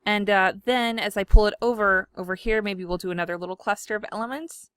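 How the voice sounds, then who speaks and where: A woman, chatting casually from home while she demonstrates design software, giggly and self-deprecating. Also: medium pitch, a little fast, smooth, no echo, studio quality. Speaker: scrapbooking video host. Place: home room.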